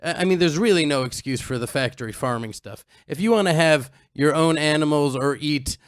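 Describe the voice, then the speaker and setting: A man's voice: fairly high pitch, fairly quick, no echo, studio quality. A man co-hosting a casual chat, teasing and joking with his friend. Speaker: co-host. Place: outdoors on a farm in the mountains.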